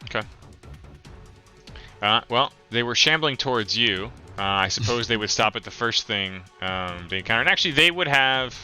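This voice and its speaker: A man acting as game master in a casual tabletop session, talking in a relaxed, hesitant way with many ums and uhs. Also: medium pitch, normal speed, smooth, soft background music.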